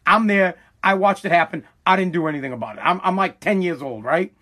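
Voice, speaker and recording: A man's voice: sits high, a little fast, a bit bright. A man from Massachusetts hosting a podcast, delivering a heated, profane monologue in a fiery, ranting manner. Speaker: podcast host.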